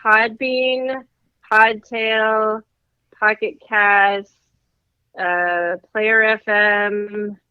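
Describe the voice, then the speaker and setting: Woman with a sore throat, slow. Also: mid-range voice, flat delivery, smooth, dry recording, narrow, tinny audio. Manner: slow, reciting answers from memory. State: sore throat, recovering from covid. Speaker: podcast co-host. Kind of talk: casual podcast chat.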